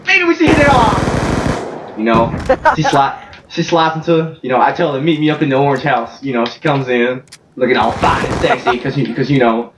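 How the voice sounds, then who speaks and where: A man's voice: mid-range voice, steady tone, fairly quick, echoey room, far from the mic, background noise. A man joking and rambling through casual gaming banter, often repeating himself. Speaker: gaming YouTuber.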